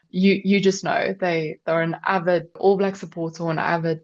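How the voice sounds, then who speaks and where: A South African woman co-hosts a casual rugby chat, telling a story with easy laughter. Her voice sits a little low, and the recording is dry and slightly dull, like a remote mic. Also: little pitch movement, a little fast, few pauses, darkish tone, no room sound. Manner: chatty, storytelling, laughs often. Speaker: podcast co-host.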